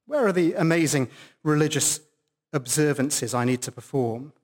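A man's voice: fairly high pitch, moderate pace. A man preaching a sermon at a church service, stressing key words for emphasis.

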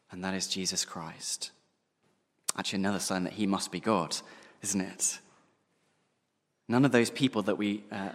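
A man preaching a sermon, slowing down and pausing to stress key words. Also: on the low side, big-room sound.

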